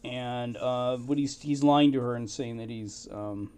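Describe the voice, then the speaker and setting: Casual male commentator, mid pitch, halting and musing as he reads through records. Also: a little mellow, clean tone. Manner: musing, halting, with fillers and short laughs. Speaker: amateur history researcher. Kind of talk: casual commentary reading documents.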